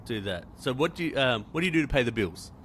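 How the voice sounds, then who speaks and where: A man's voice: medium pitch, animated, fast, fairly bright tone, a little hiss or hum. A man hosting a podcast interview, chatty and casual, full of fillers and the odd swear. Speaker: podcast host.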